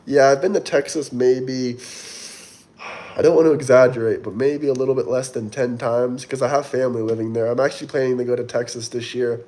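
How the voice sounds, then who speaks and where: A man's voice: medium pitch, steady tone, a little fast, mellow. A man hosting a casual livestream, chatting loosely and reading viewer comments aloud in a rambling way. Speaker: livestream host reading chat.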